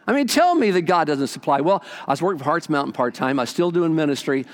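Enthusiastic older pastor preaching in a hall. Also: male voice, a little high, lively intonation, fast talker. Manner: enthusiastic storytelling, swings from loud to hushed. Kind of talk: sermon. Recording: long hall reverb.

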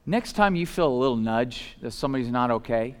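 A man preaching a casual, animated sermon, swinging from loud emphatic shouts to soft low asides, with lots of conversational fillers. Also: a little fast, clear, resonant tone. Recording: long hall reverb.

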